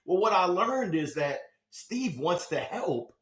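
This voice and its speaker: Energetic man, high voice, roomy sound. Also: slow, few pauses. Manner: animated storyteller with sudden loud bursts. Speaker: podcast guest, motivational speaker. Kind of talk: energetic interview talk. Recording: roomy echo.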